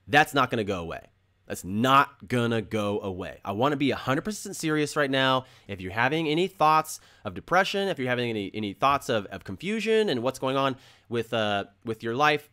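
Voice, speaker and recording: A man's voice: medium pitch, very animated, fairly quick, a bit bright. A man hosting a crypto channel, talking casually and earnestly and repeating phrases for emphasis while he explains with drawings.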